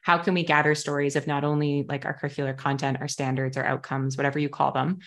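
A woman's voice: low-pitched, flat delivery, quick pace, a bit bright. A woman, a guest educator and coach, talking enthusiastically in a casual interview, often saying "like". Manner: enthusiastic, talkative, frequent "like".

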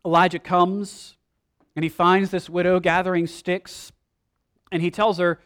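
A man preaching a sermon, retelling the scripture story in casual modern slang with lively emphasis. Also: high voice, moderate pace. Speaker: pastor.

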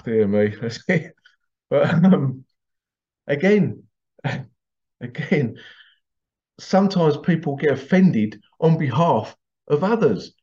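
A man's voice: a little high, darkish tone, dull audio. A middle-aged man, casually telling stories to camera and breaking into laughter as he goes. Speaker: vlogger.

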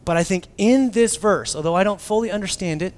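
Animated male pastor, slightly high voice. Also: a little fast. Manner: animated, swings from loud to near-whisper, acts out quotes; casual, joking preaching. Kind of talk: sermon.

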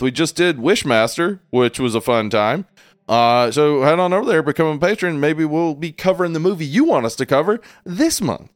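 Playful, lively podcast host man. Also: on the high side, dry recording. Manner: laughing, playful, fast promos. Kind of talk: casual chat.

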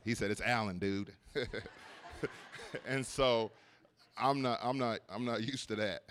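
A man's voice: lowish voice, clean tone. A man preaching at a church service, telling a personal story in a casual way, laughing often and repeating words as he goes.

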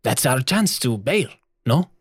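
A man plays a tabletop game and talks in a relaxed, easy way. His voice sits in a middle range and sounds close and dry. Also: medium pitch, measured pace, slightly rough, no room sound. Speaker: player. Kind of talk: tabletop role-play.

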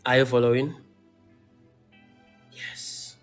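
A man's voice: mid-range voice, slow, clean tone, faint music behind. A man preaching a sermon, reading scripture aloud and checking in with his listeners. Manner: animated.

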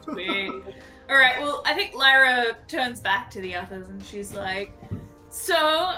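A woman playing a tabletop game, chatty and quick, saying "like" a lot. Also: mid-range voice, bright, forceful tone, soft background music. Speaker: player. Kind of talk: casual tabletop play.

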